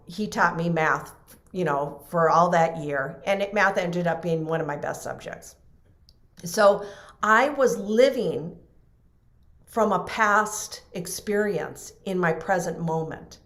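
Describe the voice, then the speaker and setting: A middle-aged woman, a podcast guest and trainer, telling a personal story in a lively way and acting out the people she quotes. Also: lowish voice. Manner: animated, acts out quoted voices, laughs often. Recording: roomy echo.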